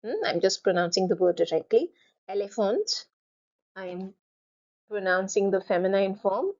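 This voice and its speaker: A woman teaching a French class, explaining each point and repeating words slowly for students to copy. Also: mid-range voice, expressive, a little mellow, highs cut off. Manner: slow, drawn-out repetition of words. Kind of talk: classroom lesson.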